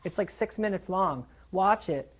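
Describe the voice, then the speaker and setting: A middle-aged man, a dog trainer, giving a casual, animated seminar talk, acting out quoted voices and swearing now and then for emphasis. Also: high-pitched, unhurried.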